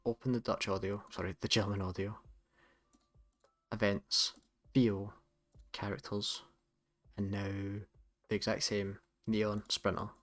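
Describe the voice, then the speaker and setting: A man with a Scottish accent, hosting a casual tutorial in a relaxed, chatty way with some self-corrections. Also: on the low side, a little slow, pauses often. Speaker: tutorial host. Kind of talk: casual screen-recorded tutorial.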